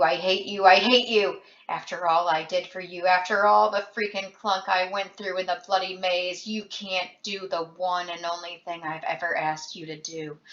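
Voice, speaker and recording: A woman reading as a young man slipping into madness, loud, bitter and raging, his voice bright and forceful. The reading sounds roomy and slightly dull, like a lo-fi home recording. It is a storybook reading. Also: fairly low pitch. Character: young man, feverish friend turning violent.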